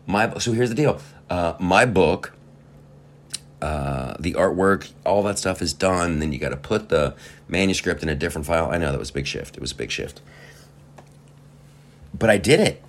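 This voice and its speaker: A man hosting a podcast, delivering a profane, sarcastic comedic rant with laughing asides. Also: low-pitched. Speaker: podcast host. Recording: faint guitar music behind.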